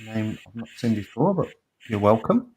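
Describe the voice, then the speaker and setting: A man's voice: on the low side, very animated, moderate pace, breathy edge. A man with a Birmingham accent co-hosting a live show, reading out viewers' names with chirpy greetings and jokey asides. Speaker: co-host reading out chat names. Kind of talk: casual live-show banter.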